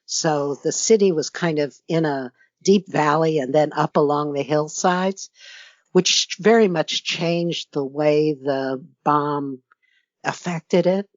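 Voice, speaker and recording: A woman's voice: deep voice, takes it slowly, dry recording, muffled recording. An older woman from New York with a New York accent, a guest author in a casual interview, talking reflectively and rambling with many fillers.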